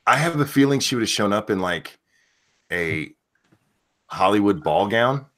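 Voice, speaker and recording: Male host, low register, irreverent banter with quick jokes. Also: animated, a bit bright. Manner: joking, irreverent, quick asides. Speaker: stream host. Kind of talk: casual chat on a live stream.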